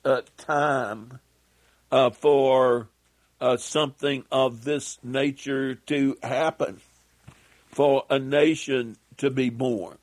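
A man teaching a Bible lesson as a sermon, speaking slowly and deliberately with many pauses and "uh" fillers, and reading scripture aloud in old-fashioned wording. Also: mid-range voice, a little mellow, dry recording. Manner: reads scripture aloud in King James wording.

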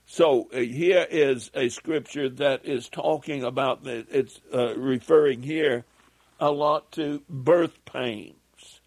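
Man preaching a bible lesson, real slow, lots of uh's and pauses, dry close sound. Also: mid-range voice, a little mellow, dry recording. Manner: slow and deliberate, many pauses and "uh" fillers; reads scripture aloud in King James wording.

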